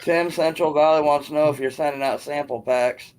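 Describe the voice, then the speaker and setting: A man's voice: fairly high pitch, fairly even intonation, a little fast, darkish tone, clear, resonant tone. A man hosting a casual livestream call, laughing often and teasing friends and viewers. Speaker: livestream host.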